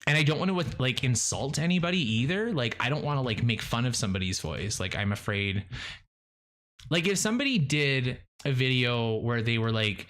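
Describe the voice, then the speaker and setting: Brief: male live streamer, casual gameplay chat, rambling with fillers, mid-pitched, animated bursts. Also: normal speed. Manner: rambling, many fillers and restarts; animated, jumps up in pitch when excited.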